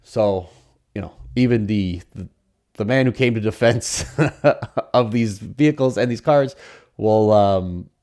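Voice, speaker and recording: A man's voice: lowish voice, unhurried, darkish tone. Rambling man hosting a podcast alone. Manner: rambling, many restarts and fillers. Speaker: podcast host. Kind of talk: solo podcast commentary.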